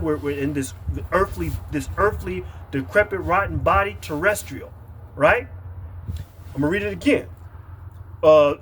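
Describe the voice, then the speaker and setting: A man's voice: high voice, slight background noise. A man preaching a sermon, reading Bible verses aloud and repeating them, with many fillers and emphatic lists. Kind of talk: street-camp sermon, reading scripture aloud.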